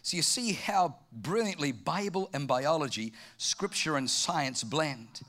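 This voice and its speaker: A man preaching a humorous sermon, telling stories in an animated way and bursting into shouts. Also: on the high side, unhurried. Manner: animated storytelling, acts out quoted voices, bursts into shouts.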